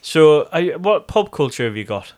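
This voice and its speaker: A man co-hosting a podcast in casual chat, animated, swearing freely and acting out excited reactions. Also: on the high side, moderate pace. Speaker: podcast co-host.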